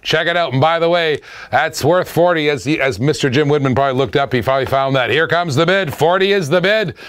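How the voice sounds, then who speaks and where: A man hosting a live-stream auction, excitable and laughing often, repeating his phrases. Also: fairly high pitch, fairly quick, clean tone.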